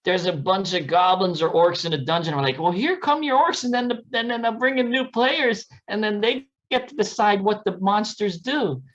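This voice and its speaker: A man's voice: high voice, normal speed, few pauses, fairly bright tone, lo-fi sound. Easygoing male guest telling stories. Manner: easygoing storyteller. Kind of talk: casual panel chat.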